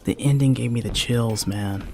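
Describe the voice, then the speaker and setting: A man's voice: mid-range voice, moderate pace, darkish tone, a little hiss or hum. A man in his forties streaming a game, rambling in a heartfelt way and dropping "man" and "like" often. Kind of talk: casual chat while gaming.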